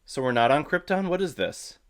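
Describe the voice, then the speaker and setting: A man's voice: on the high side, big pitch swings, a little fast. A man hosting a comedic movie watch-along, making irreverent jokes and swearing. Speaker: host.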